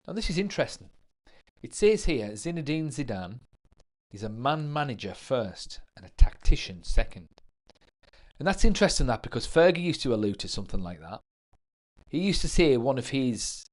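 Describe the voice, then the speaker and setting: A man hosting a late-night football livestream in a casual tone, reading out notes and viewer comments and adding chatty asides. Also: mid-range voice. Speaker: livestream host.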